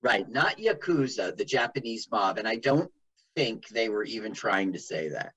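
Man, radio co-host, casual movie chat, husky, animated delivery. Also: fairly low pitch, moderate pace, rough recording. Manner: animated, quotes scenes in put-on voices.

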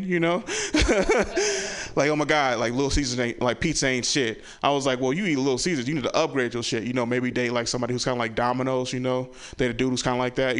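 On a comedy club stage, a man with a clear, resonant mid-range voice works through stories, constantly checking in with the audience with "right?" He impersonates his relatives at full volume.

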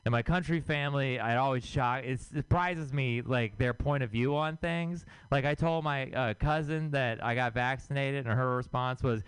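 Stand-up comic, young man, crude and rambling, smooth dry voice. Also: medium pitch, moderate pace, few pauses, no room sound. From Houston, Texas. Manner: crude, rambling, self-mocking. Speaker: stand-up comedian. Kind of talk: stand-up set at open mic.

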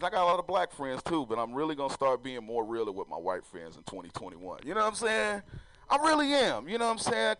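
A man's voice: mid-range voice, fairly bright tone, no room sound, rough recording. A man doing a stand-up comedy set, loose and swearing, talking straight to the crowd.

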